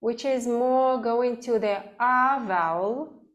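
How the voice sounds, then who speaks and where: A woman teaching vocal technique in an online class, explaining slowly and singing sample words. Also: fairly high pitch, highs cut off. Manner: slow, demonstrative, sings sample words.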